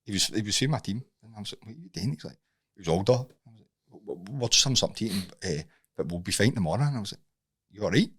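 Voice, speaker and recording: A middle-aged Scottish man, a guest on a casual podcast, telling animated stories with plenty of swearing. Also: on the low side, racing, slightly rough. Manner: animated storytelling, heavy swearing. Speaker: guest, Muay Thai coach.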